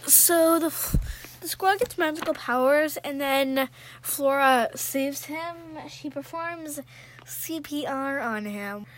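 A woman's voice: high voice, slow pace, a little hiss or hum. A young female speaker chatting casually about a book and reading an excerpt aloud. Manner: chatty, filler-heavy. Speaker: book reviewer.

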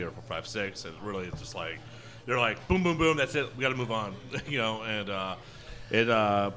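Man, bright lowish voice, rambling brewery-owner chat, casual podcast guest. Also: slight background noise. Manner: rambling, many restarts, animated when retelling stories.

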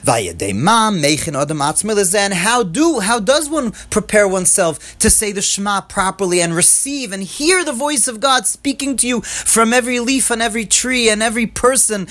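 A man's voice: high-pitched, lively intonation, moderate pace, hardly any pauses, a bit bright. A man. He reads short Hebrew passages, then explains each one in English and presses the point with repeated words and questions to the room. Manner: switches between quoted Hebrew and English explanation, rising emphatic repeats. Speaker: Torah teacher. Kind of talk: Torah class explaining texts.

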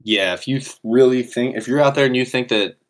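A man's voice: mid-range voice, a little fast. A man co-hosting a podcast, giving emphatic, opinionated takes on sports bets. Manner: emphatic, opinionated, pushes his points hard. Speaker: podcast co-host. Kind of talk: casual sports betting chat.

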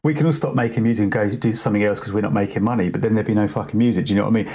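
Brit male co-host, husky low voice, quick heated delivery, swears freely. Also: mellow. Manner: heated, swearing, acts out quoted people. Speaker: podcast co-host, music producer. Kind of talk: casual podcast debate.

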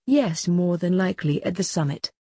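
A woman reading the part of a calm, practical adult male alien in a storybook, matter-of-fact. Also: sits high, normal speed, husky, no room sound, heavily acted.

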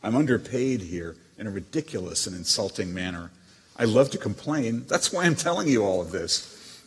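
A man's voice: fairly low pitch, expressive, normal speed, husky. A man reading as a proud, witty émigré novelist. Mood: haughty. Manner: haughty, dryly teasing. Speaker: letter reader. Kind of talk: dramatized letter reading. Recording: long hall reverb.

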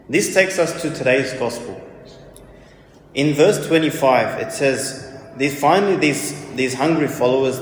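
A man's voice: mid-range voice, slight background noise. A man preaching a homily, retelling scripture earnestly and repeating key questions. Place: church. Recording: very echoey church hall.

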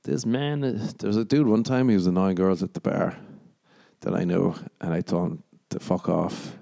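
A man's voice: deep voice, fairly even intonation, normal speed, gravelly, mellow. A young Irish man hosting a solo podcast, rambling crudely and sarcastically and slipping into mock voices. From Ireland. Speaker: podcast host.

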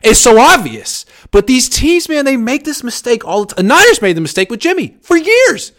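A man hosting a casual live sports chat, reading viewer comments and giving sarcastic, animated takes. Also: a little fast. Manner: animated, sarcastic, jumps up in pitch for emphasis.

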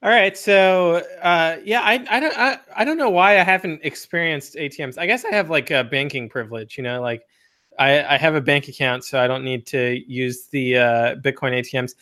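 A man co-hosting a casual talk, wry and quick, often laughing as he talks. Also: on the high side, sharp tone. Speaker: podcast co-host. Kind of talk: casual chat.

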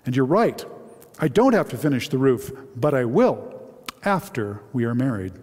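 A man's voice: mid-range voice, very animated, moderate pace, a little mellow, husky. A man giving voice to Joseph, a resolute and loving young carpenter, in a dramatic reading during a sermon. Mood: forceful. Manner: bellowing when roused, tender when comforting. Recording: reverberant hall.

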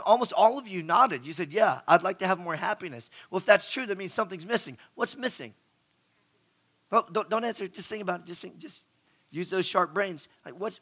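A man's voice: a little high, bright, forceful tone. A middle-aged man preaching a sermon, chatty and asking the audience questions, often repeating words as he goes. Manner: conversational, asks the crowd questions, repeats words.

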